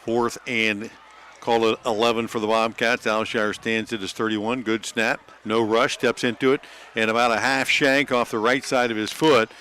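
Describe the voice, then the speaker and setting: A man giving play-by-play for a high school football game, calling each snap quickly and joking like an auctioneer. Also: level tone, pushed and bright, a little hiss or hum. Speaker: play-by-play announcer.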